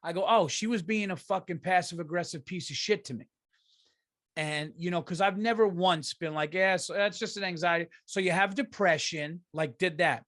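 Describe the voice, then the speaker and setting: A man hosting a comedy podcast, telling a story in an exasperated, profane and animated way and acting out what people said. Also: high-pitched, moderate pace, dry recording, clean studio sound. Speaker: podcast host.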